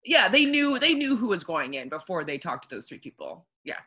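A bright, clear-toned young woman from Canada chatting casually as a podcast co-host. She talks loosely and rambles with plenty of ums and likes, laughing easily. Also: fairly low pitch, very animated, brisk. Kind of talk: casual chat recapping a reality show.

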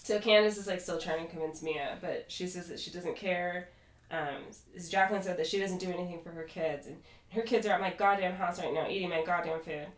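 A young adult woman co-hosting a podcast, recapping a reality show in casual, animated chat and acting out quoted lines. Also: lowish voice, a little fast. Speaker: podcast co-host. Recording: echoey room, off-mic.

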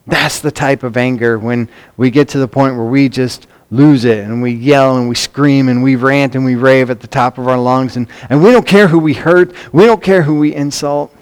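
A man's voice: mid-range voice, normal speed, few pauses, clean tone. A man preaching a sermon, emphatic and earnest, often repeating words as he drives points home. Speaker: pastor.

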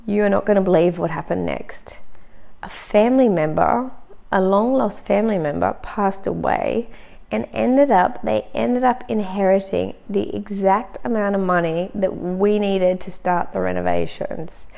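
A woman telling a personal story in a lively, conversational way. Her voice sits at a mid pitch with a noticeable gravelly fry. She stresses her big moments with sudden emphatic bursts. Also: unhurried. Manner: animated and conversational, with frequent fillers. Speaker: motivational speaker on manifesting.

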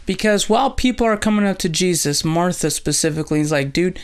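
A devotional host with a gravelly edge in the voice, speaking at a middle pitch. The teaching is casual and relaxed, with scripture retold in slang. Dialogue is acted out with shifts in voice. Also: quick pace. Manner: retells scripture in slangy everyday speech.

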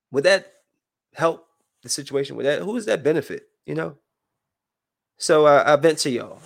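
Heated man venting to his viewers. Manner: heated, rambling, swings between low brooding and loud outbursts. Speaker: vlogger. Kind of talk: emotional venting monologue.

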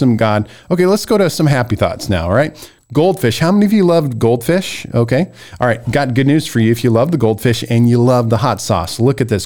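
A man from the United States hosting a casual podcast, rambling and getting worked up as he rants, with frequent restarts. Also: medium pitch. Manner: animated, rambling, gets worked up. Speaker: podcast host. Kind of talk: casual ranting commentary.

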